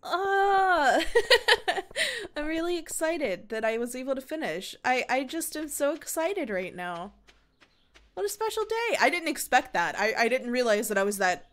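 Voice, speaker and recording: A woman's voice: fairly high pitch, animated, normal speed, few pauses, a bit bright. A young woman commentating her gameplay, gushing and teary with emotion, close to crying and giggling between lines. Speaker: gaming channel host.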